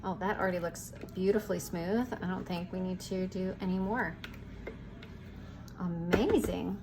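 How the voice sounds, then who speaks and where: A woman's voice: lowish voice, normal speed, background noise. A woman hosting a home baking show, chatting playfully to the viewer as she works through a recipe in her kitchen. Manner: chatty and playful, talking to the viewer while working. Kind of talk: casual cooking demonstration.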